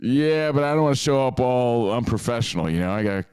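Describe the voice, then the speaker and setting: A man's voice: medium pitch, animated, fast, a little mellow, smooth, dry recording, studio quality. Jokey, crude male podcast co-host. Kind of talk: casual chat. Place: hotel in Las Vegas.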